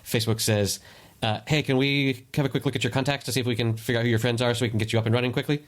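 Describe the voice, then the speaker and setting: A man's voice: medium pitch, steady tone, rapid-fire. A man co-hosting a podcast in casual chat, giving meandering explanations with many restarts. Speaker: podcast co-host.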